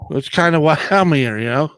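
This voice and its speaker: A man's voice: on the high side, expressive, fairly quick, fairly bright tone, clean tone. A man hosting a casual late-night live chat, laid-back and drawling, greeting viewers by name while coming down with a cold. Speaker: live stream host.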